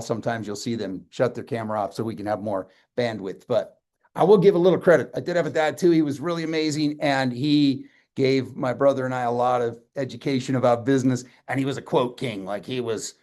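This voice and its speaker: A man's voice: mid-range voice, a little mellow. A man giving a loose, folksy, sentimental presentation on a live video call from his home office, talking the audience through slides. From Canada. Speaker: company presenter.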